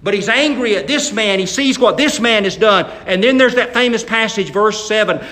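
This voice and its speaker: Folksy, animated preacher. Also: male voice, high-pitched, normal speed, echoey room. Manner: animated preaching, dramatic reading of scripture, folksy asides. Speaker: pastor. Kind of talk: sermon.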